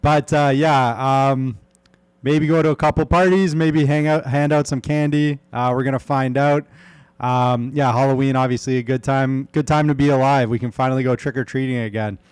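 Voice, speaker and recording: A man's voice: mid-range voice, fairly even intonation, moderate pace, clean tone, no room sound. A man who is a trader on the show, chatting in a laid-back, joking way. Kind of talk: casual livestream chat.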